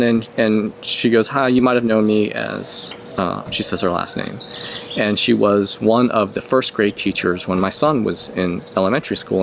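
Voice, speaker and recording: A man's voice: on the low side, creaky, noisy background. A middle-aged man telling a personal story in a casual, rambling way, often restarting and correcting himself. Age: 50s.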